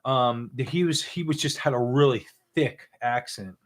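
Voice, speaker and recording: A man's voice: mid-range voice, unhurried. A man in a mid-range voice co-hosts a live question-and-answer stream. He rambles through his answers with plenty of fillers and laughter, reading out viewer comments as he goes. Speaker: podcast co-host. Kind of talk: live Q and A chat.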